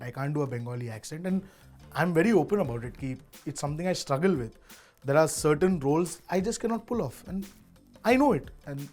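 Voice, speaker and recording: An Indian man in his thirties talks through his career in a relaxed interview, with a slightly higher voice than most men. He tells his stories with animated asides and drops in Hindi phrases. Soft music plays faintly underneath. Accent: Indian English. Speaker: interview guest, ad director and actor. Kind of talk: casual interview chat.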